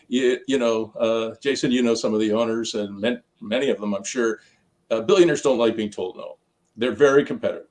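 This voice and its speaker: A man's voice: mid-range voice, darkish tone. Chatty older man telling stories. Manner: storytelling, chatty, laughs between points. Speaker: guest, sports team founder. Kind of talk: casual interview talk. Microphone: on camera, video interview.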